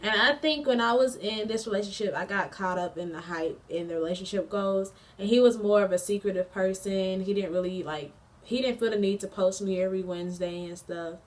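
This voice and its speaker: A woman's voice: medium pitch, a little fast, distant mic. Chatty young woman telling a story. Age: 20s. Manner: chatty, slangy, frequent fillers; animated, laughs mid-story. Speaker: college student vlogger. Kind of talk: casual storytime chat.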